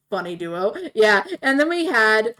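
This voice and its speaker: A woman streamer casually retelling a tabletop game story while playing, animated and laughing often. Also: medium pitch, slow pace. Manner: animated, laughing, voices quoted characters.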